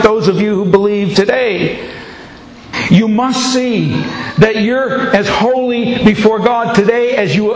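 A man with a high-pitched voice delivers a sermon in an emphatic, repeating preacher's cadence. His voice rings through a reverberant church hall with faint room ambience behind it. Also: slight background noise. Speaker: pastor. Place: church sanctuary.

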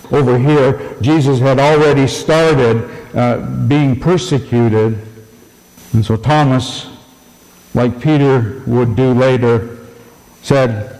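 A man preaching a sermon, telling the story slowly and with emphasis. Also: medium pitch, a little mellow. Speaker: pastor. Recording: long church-hall reverb.

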